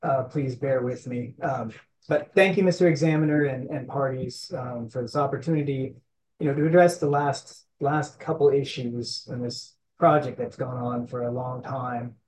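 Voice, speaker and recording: Hoarse man arguing at a hearing. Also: medium pitch, steady tone, moderate pace, a little mellow. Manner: hesitant, many fillers and restarts. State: hoarse, coughing from allergies. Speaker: attorney for the applicant. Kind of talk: legal argument at a hearing. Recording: echoey room, faint background noise.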